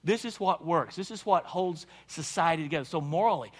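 A high-voiced man preaches a sermon from the pulpit. He drives his points home emphatically and keeps checking in with the congregation with "see?" and "right?". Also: a little fast. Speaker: pastor.

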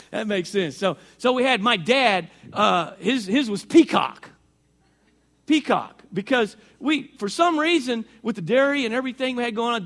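A man's voice: very high-pitched, fairly bright tone. A middle-aged male pastor preaching a sermon in a folksy, chatty way, his voice strained by allergies and talking back and forth with the congregation.

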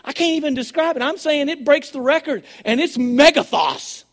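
High-voiced preacher man, excitable, lilt, loud then hushed. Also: normal speed, a little hiss or hum. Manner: excitable, swings from shouting to hushed. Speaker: pastor. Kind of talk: sermon.

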